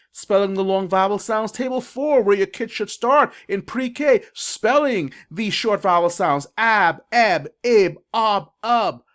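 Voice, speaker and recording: A man's voice: high voice, fairly bright tone. Emphatic male reading coach. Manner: emphatic, sounds out syllables and spellings. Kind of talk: instructional video for parents. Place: classroom or school office.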